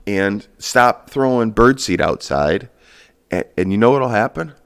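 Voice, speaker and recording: Male podcast host, deep gravelly voice, sarcastic profane solo rant. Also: lively intonation, measured pace, fairly bright tone. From Michigan, USA. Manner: sarcastic, profane, rambling with fillers.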